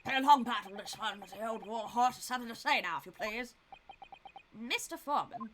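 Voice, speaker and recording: A woman's voice: a little high, brisk, a crowd in the background, voice pushed down, close to an everyday voice. A woman voicing a stern old male judge in a game, speaking formally and stately.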